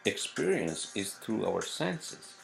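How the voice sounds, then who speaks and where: A man's voice: on the low side, big pitch swings, takes it slowly, vocal fry, soft background music. A man hosting a solo podcast, rambling off-script with lots of cursing, fillers and restarts. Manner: profane, meandering, lots of fillers. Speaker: podcast host.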